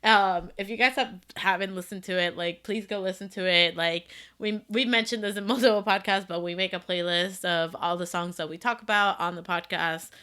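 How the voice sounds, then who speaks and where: Bright-voiced gushing woman podcaster. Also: mid-range voice, fairly even intonation, moderate pace, hardly any pauses, smooth. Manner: gushing, lots of "like" fillers. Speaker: podcast co-host. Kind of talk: casual chat.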